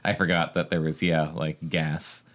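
A man co-hosting a podcast, reading a novel aloud in a dry, even way. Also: extremely low pitch, normal speed. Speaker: podcast co-host. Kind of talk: casual book-reading podcast chat.

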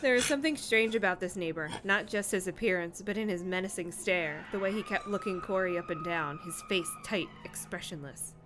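A woman's voice: on the low side, a little fast, hardly any pauses, music in the background. A woman co-hosting a casual book podcast, speaking bluntly and reading passages aloud. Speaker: podcast co-host.

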